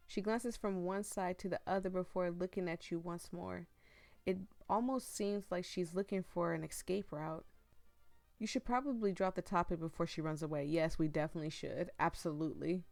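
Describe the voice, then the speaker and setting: A woman hosting a gaming video who reads a story game aloud and reacts live, with an emphatic, slangy manner that gets loudly worked up. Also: lowish voice, normal speed, vocal fry, no echo, soft background music.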